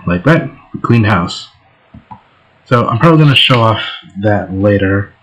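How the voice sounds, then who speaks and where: A man's voice: on the low side, lively intonation, unhurried, fairly bright tone, poor audio. A man hosting a let's play, giving casual gameplay commentary in a laid-back, joking way.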